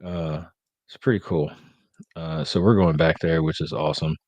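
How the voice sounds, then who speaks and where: A man with a very low voice talks in an easy, rambling way, filling pauses with ums and uhs. He sounds a bit sleepy. The sound is dry and close, with no room around it. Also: fairly even intonation, darkish tone, dry recording. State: sleepy, yawning. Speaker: podcast host. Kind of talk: casual live-stream chat.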